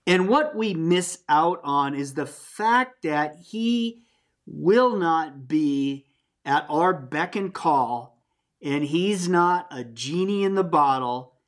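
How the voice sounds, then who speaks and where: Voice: mid-range voice, animated, takes it slowly. A Bible teacher giving a conversational sermon, earnest and plain-spoken, often restarting and adding asides.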